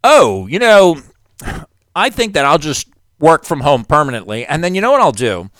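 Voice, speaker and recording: Man sending up a gloating woman moving abroad, smug and sing-song, lively pitch. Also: normal speed, no room sound, clean studio sound. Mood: mocking.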